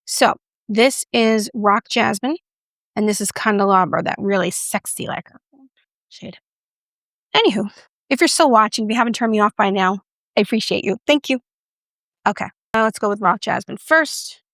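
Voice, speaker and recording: Woman, beauty vlogger, playful, self-mocking, mid-pitched voice, soft whispers, dry close sound. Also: expressive, normal speed, no echo. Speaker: beauty reviewer. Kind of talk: casual makeup review vlog.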